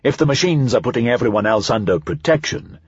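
A man's voice: medium pitch, lively intonation, fast talker, slightly rough, no room sound, highs cut off. Cuthbertson, a man doing a plain-spoken traveller.

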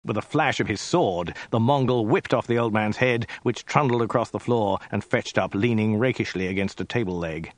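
A man reading a story aloud in a dry, deadpan narrating manner. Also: lowish voice, normal speed, hardly any pauses, no echo. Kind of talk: scripted narration.

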